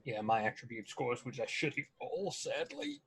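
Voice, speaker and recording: A man at the gaming table, quick to joke and animated as he reacts to his dice. His voice sits in a middle register. Faint noise hums underneath, with the odd click. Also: medium pitch. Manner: animated, joking. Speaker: player. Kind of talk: casual tabletop game chat.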